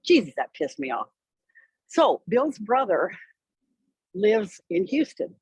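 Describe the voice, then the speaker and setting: Husky-voiced woman telling a story. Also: medium pitch, slow, no echo, low-quality recording. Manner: lively, wry, acts out the people she quotes. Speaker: interview guest. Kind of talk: conversational storytelling.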